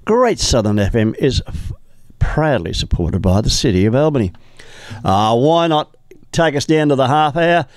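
A man's voice: mid-range voice, sing-song, normal speed, no echo. An Australian man presenting on local radio in a casual, chatty way, reading the weather with muttered asides into a studio microphone.

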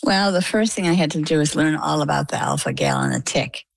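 A woman's voice: low-pitched, wildly swooping pitch, brisk, vocal fry, no room sound. An older woman from coastal Maine, guest in an interview, chatty and vivid as she retells events with quoted dialogue. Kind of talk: conversational storytelling.

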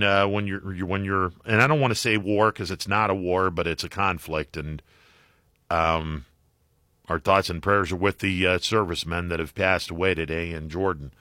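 Bright-voiced male talk radio host. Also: sits low, dry recording, clean studio sound. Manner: conversational, many fillers and restarts.

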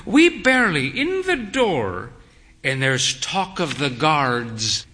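A man reading a story aloud, voicing a frail, proud elderly woman in furs with a high, quavering, dramatic voice. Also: very animated, slow pace, bright, forceful tone, exaggerated voice.

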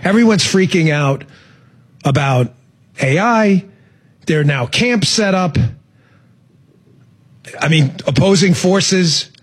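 Male talk host, high husky voice, very lively delivery, sarcastic storyteller. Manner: sarcastic, storytelling, quick asides. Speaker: radio talk show host. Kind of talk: animated radio monologue.

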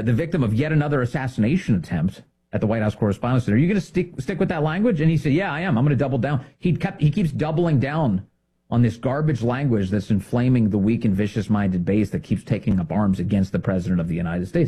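A man hosting a political commentary show, talking in an indignant, emphatic way with sudden jumps in pitch. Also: mellow, husky.

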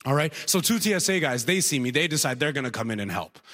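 Animated young man doing stand-up. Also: fairly high pitch, fast talker. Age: young adult. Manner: animated, rhetorical asides. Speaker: stand-up comedian. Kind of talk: stand-up storytelling. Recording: long hall reverb.

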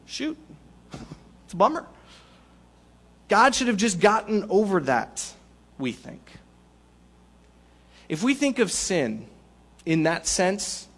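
A man preaching a sermon in a lively, conversational way with playful asides. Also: on the high side. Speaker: pastor.

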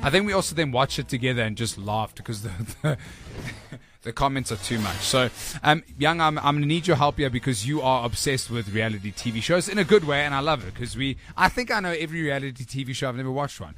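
Upbeat radio host. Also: male voice, mid-range voice, brisk, a bit bright. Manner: upbeat, laughing, stammering restarts. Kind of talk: radio talk show.

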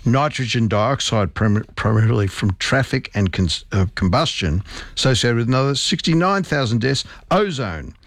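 A man's voice: mid-range voice, animated, normal speed, fairly bright tone, no echo. A middle-aged male doctor explaining medical research in an interview, emphatic and precise with technical terms.

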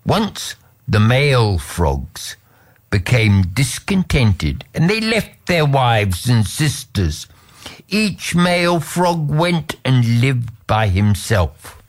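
A man narrating a folk tale in a measured, expressive storytelling manner. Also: mid-range voice.

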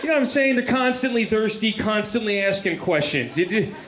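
High-voiced man rambling in an echoey room. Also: lively intonation, brisk, a bit bright. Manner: loose, rambling delivery with repeated words. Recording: echoey room with faint noise.

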